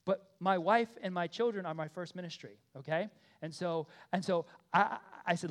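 A pastor in his thirties delivers a sermon with a voice sitting a little high for a man. He talks to the congregation like a conversation, tagging points with quick check-ins. Some pleas ring out loud and insistent, while asides fall soft and low. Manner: earnest, conversational with frequent "okay?" and "right?" check-ins; swings between loud emphatic pleas and quiet asides.

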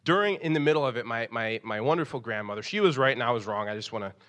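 Speaking fast, a young pastor delivers his sermon in a bright, forward voice with a casual, animated style. His pitch leaps up each time he imitates someone's words.

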